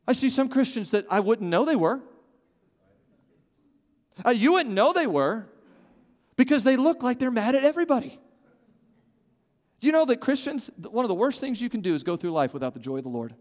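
A man preaching a sermon as pastor, animated and calling on his congregation to respond. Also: high-pitched, brisk. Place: church sanctuary. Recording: long hall reverb.

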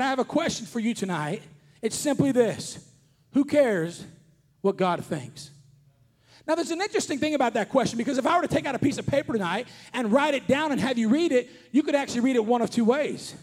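A man with a strikingly high voice preaches to a conference audience. He talks earnestly, repeats himself, and rises to shouts to hammer home his points. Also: expressive, a little fast, slightly rough. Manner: earnest, repetitive, rising to shouts on key points. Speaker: traveling preacher. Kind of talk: sermon. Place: conference hall before an audience.

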